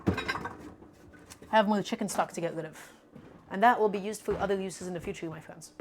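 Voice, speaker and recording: A woman's voice: mid-range voice, normal speed, slight background noise. A woman streaming live while cooking, chatting to her viewers and hamming up her small annoyances for laughs. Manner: mock-dramatic grumbling, playful.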